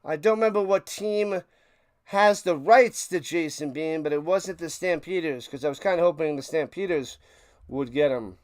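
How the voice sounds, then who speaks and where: High-pitched guy calling a football game live on his stream, gets loud and hyped, dry close mic. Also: normal speed, dry recording. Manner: excitable, bursts into loud calls. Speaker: streamer doing play-by-play. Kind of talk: casual live play-by-play commentary.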